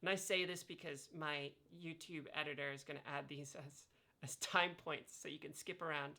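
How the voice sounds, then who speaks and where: Low, fry-edged woman explaining voice practice. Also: fairly even intonation, normal speed, sharp tone. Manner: explains by demonstrating vowel sounds, many fillers. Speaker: vlogger sharing voice training tips. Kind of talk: casual instructional talk. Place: lying on her back.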